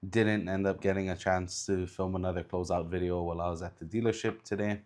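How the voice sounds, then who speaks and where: A young adult man with a stuffed-up, congested voice, giving a relaxed, chatty vlog update. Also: low-pitched, a little fast, dry recording. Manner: relaxed, chatty, many ums. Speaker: car salesman vlogger. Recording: background noise behind the voice.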